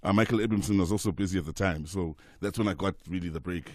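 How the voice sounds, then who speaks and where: A man's voice: sits low, fast, no echo. A man in his forties, a football commentator telling stories in a radio studio interview. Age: 40s. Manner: lively anecdotes with quoted voices. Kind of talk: casual radio interview storytelling.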